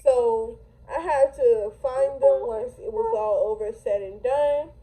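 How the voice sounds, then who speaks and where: A young woman vlogger telling a storytime in an animated, slangy, casual way. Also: on the high side, slow, poor audio. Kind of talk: storytime vlog.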